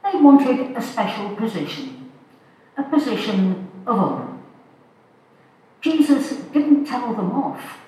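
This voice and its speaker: An older woman giving a sermon in a slow, measured, thoughtful way, recorded in a church. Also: fairly high pitch, sing-song, warm tone. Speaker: preacher. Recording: echoey church heard from a distance.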